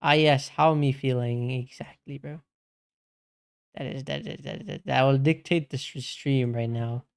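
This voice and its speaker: A man's voice: medium pitch, fairly even intonation, a little slow, vocal fry, clean tone. A young man streaming games, chatting casually with his chat and reading messages aloud, laid-back and saying "bro" a lot. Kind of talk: casual live-stream chat while gaming.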